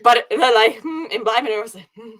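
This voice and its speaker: A woman co-hosting a podcast, chatting casually about films in an excitable, gushing way with lots of quick agreement. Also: on the high side. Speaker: podcast co-host.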